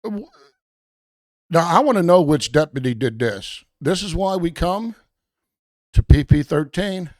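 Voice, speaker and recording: A show host narrating a game in a joking, mock-panicked way, swearing often, stammering and repeating itself, later sliding into a gruff, bossy police-officer act. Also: medium pitch, animated, measured pace, pauses often, darkish tone, dry recording, studio quality. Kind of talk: profane, joking gameplay commentary.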